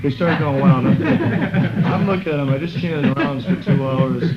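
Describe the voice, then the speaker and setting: A man's voice: a little high, measured pace, over loud music. A middle-aged man telling casual stories in a rambling way, using many fillers and acting out quotes in a raised voice. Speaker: interviewee recalling a friend. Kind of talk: casual storytelling. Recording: muffled recording with clear background noise.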